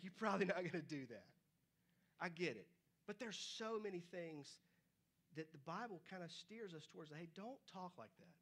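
A man's voice: high voice, fairly bright tone. A young man preaching a sermon in a church, talking conversationally to the congregation with y'all and acted-out asides. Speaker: pastor. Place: church sanctuary.

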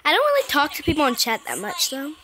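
A woman's voice: sits high, wildly swooping pitch, quick pace, pushed and bright, no room sound. A woman YouTuber giving chatty, scattered, self-mocking commentary while playing a mobile game.

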